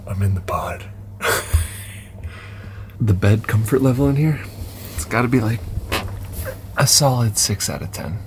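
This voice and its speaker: Low-voiced man vlogging from a capsule hotel. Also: a little slow, pauses often, slight background noise. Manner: chatty, often whispering. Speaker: travel vlogger. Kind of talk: casual vlog narration.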